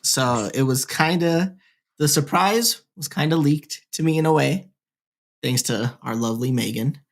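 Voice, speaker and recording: A man's voice: on the high side, unhurried. A young man co-hosting a podcast, telling a story casually, rambling with lots of fillers, recorded on a headset. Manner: rambling, heavy filler "like, whatever". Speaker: podcast co-host.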